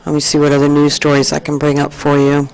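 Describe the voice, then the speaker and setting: A woman hosting a casual local news livestream, chatty and quick to laugh. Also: low-pitched, completely flat delivery, a little mellow, clean tone, rough recording. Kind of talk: casual live talk.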